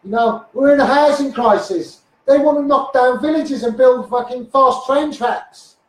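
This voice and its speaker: This Scouse man, a self-styled activist livestreamer, has a very high voice and takes his time as he rants through a Facebook live monologue. He swears and keeps throwing asides at viewers, caught on a phone mic set well back in an echoey room.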